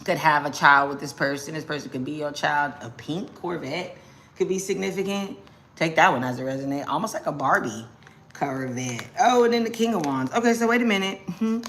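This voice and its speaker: Casual low-voiced woman reading tarot. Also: fairly quick, a bit bright. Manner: casual, slangy, exclamatory. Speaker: tarot reader. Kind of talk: live-stream tarot reading.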